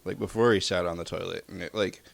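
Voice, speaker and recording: Low gravelly man telling crude stories. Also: steady tone, fast. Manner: dry, crude storyteller. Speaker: podcast co-host. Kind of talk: casual storytelling chat.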